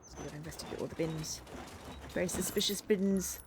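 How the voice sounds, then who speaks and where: A woman's voice: lowish voice, moderate pace, background noise. A young woman streamer chatting casually to herself while she plays a video game. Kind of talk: casual gameplay commentary.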